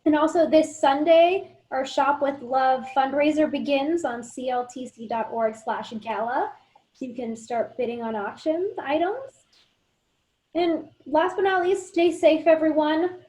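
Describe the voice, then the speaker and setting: A woman's voice: high voice, a little slow, a little mellow. A woman hosting a theater talk show over a video call, upbeat as she thanks guests and reads notices. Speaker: host. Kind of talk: show announcements.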